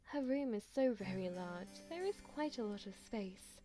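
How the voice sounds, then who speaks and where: A woman's voice: mid-range voice, expressive, unhurried, dark tone, soft background music. Playful woman streamer reading a game aloud. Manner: playful, giggly asides to chat. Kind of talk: reading a visual novel aloud on stream, chatting with viewers.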